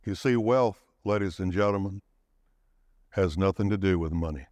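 A man preaching a sermon, swinging his pitch and pace for dramatic emphasis and calling out for the congregation's response. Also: moderate pace, darkish tone, no room sound. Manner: calls for audience response.

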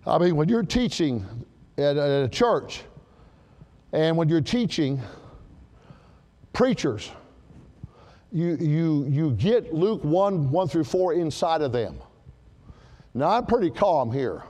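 A man preaching a sermon to a church congregation, emphatic and animated, repeating his key words for stress. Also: a little high, slow, pauses often, long reverb tail.

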